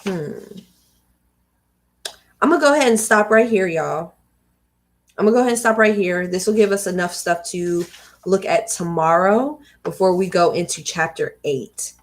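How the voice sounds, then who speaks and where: On a livestream, a woman reads a book aloud and often breaks off for chatty personal asides. Her voice is fairly low, her pace moderate, and she pauses often.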